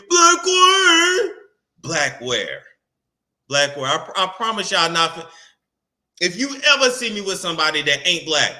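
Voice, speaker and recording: A man rants about celebrity gossip in a brash, profane, sarcastic way, slipping into playful sing-song repetitions. His voice is very bright and sharp, a touch higher than most men's. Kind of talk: casual rant to camera.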